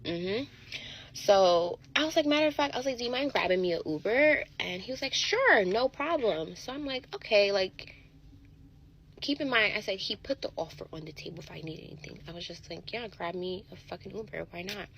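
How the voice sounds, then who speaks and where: A woman telling a dating story in casual, animated chat. She curses and acts out what people said. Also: mid-range voice, brisk, slight background noise, poor audio. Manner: animated, swearing, acts out quotes.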